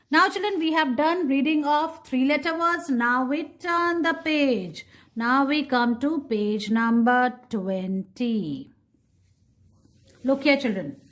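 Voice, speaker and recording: A woman teaching phonics to kindergarten children, sounding out letters slowly and repeating each word. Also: high-pitched. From India. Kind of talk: slow, sing-song phonics lesson for young children.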